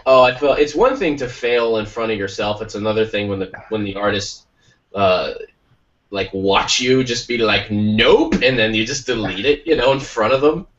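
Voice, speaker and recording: A man hosting a podcast in casual chat, rambling and animated, slipping into little voices when he quotes people. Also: fairly low pitch, moderate pace. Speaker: podcast host. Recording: distant, dull lo-fi mic.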